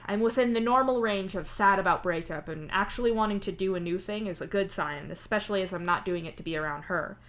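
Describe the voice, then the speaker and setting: A woman's voice: medium pitch, fast talker, hardly any pauses, fairly bright tone, lightly acted. A woman voicing a sore, whiny male troll who complains dramatically. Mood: explaining. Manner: whining, exaggerated grumbling.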